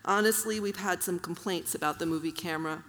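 A weary saleswoman, curt and fed up, drops her voice to confide, as a woman reads her lines aloud. The voice sits low and rings with the long reverb of a hall. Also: brisk, a bit bright, natural voice. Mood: confiding.

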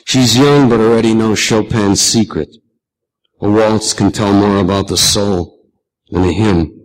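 A man reading aloud and voicing an old grandfather with a low, raspy voice, who lectures and teases about music. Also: steady tone, measured pace, natural voice, low-quality recording. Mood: musing. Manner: teasing, lecturing.

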